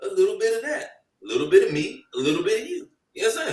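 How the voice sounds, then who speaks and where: Animated young man, roomy off-mic sound. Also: sits high, rapid-fire, recorded from a distance. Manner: animated, slangy storytelling with acted-out quotes. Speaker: podcast co-host. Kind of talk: casual group chat.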